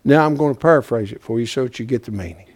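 A male preacher delivering a folksy, dramatic sermon, swinging between hushed whispers and shouts. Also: mid-range voice, racing.

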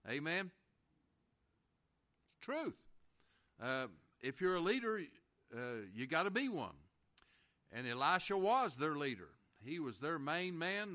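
A man preaching a folksy sermon, reading scripture slowly and asking the congregation questions. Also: a little high, bright, forceful tone. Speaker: pastor.

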